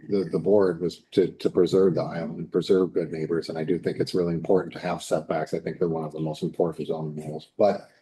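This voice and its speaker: A man on a town planning board giving his vote, earnest and halting. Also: low voice, mellow, slight background noise, poor audio. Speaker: commission member. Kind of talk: public meeting deliberation.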